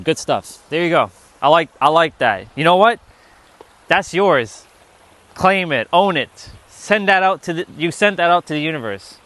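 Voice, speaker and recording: A man's voice: on the high side, very animated, unhurried, long pauses, a bit bright. A man hosting a casual motivational livestream outdoors, blunt and playful, swearing freely and chatting to viewers while he walks among rocks. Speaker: livestream host.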